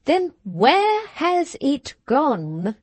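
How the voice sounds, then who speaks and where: Playing a stern aristocratic countess of advanced years from a period audiobook, a woman delivers a disapproving, imperious lecture in an exaggerated voice. Her pitch sits a little high and swings widely, the tone slightly mellow, the pace slow and measured. It's captured close and dry with no echo at all.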